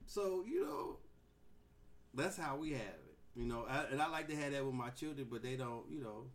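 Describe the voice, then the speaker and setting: A man's voice: mid-range voice, big pitch swings, normal speed. A man in his forties hosting a podcast in casual chat, telling stories animatedly, acting out quotes and laughing often. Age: 40s. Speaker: podcast host.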